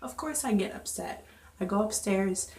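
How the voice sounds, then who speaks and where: A woman's voice: mid-range voice, moderate pace. Chatty young woman telling a story. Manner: chatty, animated retelling. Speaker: vlogger. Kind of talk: storytime vlog. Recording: echoey room.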